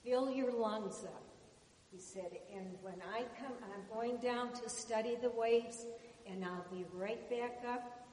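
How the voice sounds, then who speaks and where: A woman's voice: fairly high pitch, slow pace, a little mellow, echoey room, big-room sound, a little hiss or hum, low-quality recording. A woman telling a personal story of faith emphatically to a group. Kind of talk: personal testimony.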